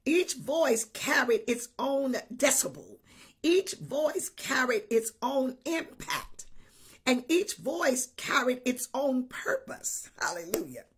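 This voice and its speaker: A woman preaching a livestream sermon with a very husky, breathy voice that sits a little high. She repeats her points with emphasis, tosses in hallelujahs and calls out viewers by name. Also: big pitch swings, slow. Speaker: bishop preaching.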